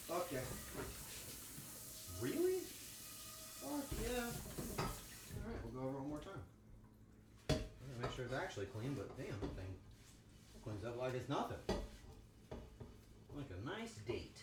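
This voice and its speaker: A man's voice: mid-range voice, moderate pace, pauses often, reverberant, very noisy. A man livestreaming while he cooks, chatting casually and crudely with his viewers in a joking way. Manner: crude, joking, animated banter with chat. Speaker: streamer. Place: home kitchen.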